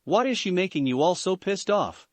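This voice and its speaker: A cocky young male ninja, as a man reads him aloud, impatient and demanding. The voice runs high and lively. The sound is dry and near. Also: moderate pace, no room sound.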